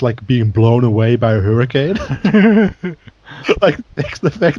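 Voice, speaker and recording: Rambling man with a dull, mellow voice. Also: mid-range voice, no room sound. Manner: rambling, filler-heavy, laughing. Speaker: podcast co-host. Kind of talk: casual chat.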